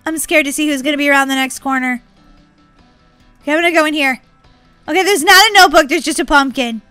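A woman giving excited gameplay commentary as a channel host, squealing, laughing and crying out in bursts of panic. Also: high voice, brisk, soft background music. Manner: squealing, laughing, breathless exclamations.

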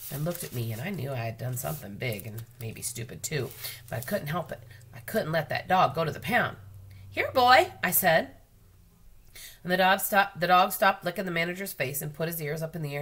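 An American woman, a school librarian, reading a children's book aloud to students in an expressive storytelling manner. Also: deep voice, breathy edge.

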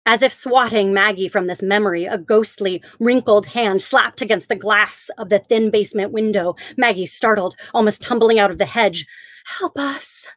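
A woman author reading aloud from her own novel in an expressive, theatrical way. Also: medium pitch, normal speed, hardly any pauses, no echo. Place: home during lockdown, live stream.

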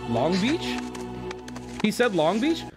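A man hosting a live stream and reacting to viewer media. He is excitable and swears a lot, swinging from mumbled asides to loud yells. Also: high voice, takes it slowly, over loud music. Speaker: streamer host.

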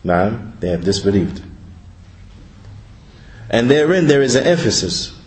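A man interpreting a religious lecture, speaking deliberately and repeating each point. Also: medium pitch, big pitch swings, darkish tone, echoey room, low-quality recording.

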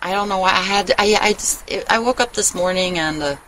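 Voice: mid-range voice, a little fast, bright, forceful tone, low-quality recording. A vlogger rambling through a casual monologue in a mid-range voice, blunt and profane, cutting sentences short and starting them again. A faint hum of room noise sits behind the voice. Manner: blunt and profane, trails off and restarts. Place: at home, living in Germany.

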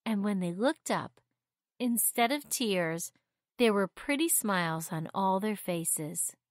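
A woman gently and expressively reading a children's story aloud. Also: medium pitch, lively intonation, slow, dry recording, studio quality.

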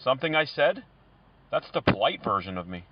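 A man making prank phone calls, delivering cheesy pick-up lines in a deadpan way. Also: medium pitch, a little fast, lo-fi sound, noisy background. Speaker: prank caller.

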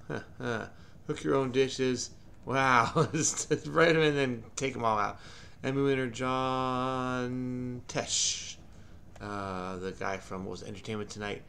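A man who hosts a crossword-solving channel thinks aloud in a frenetic, rambling way, full of mumbled asides. His voice is medium-pitched, creaky, and a bit bright.

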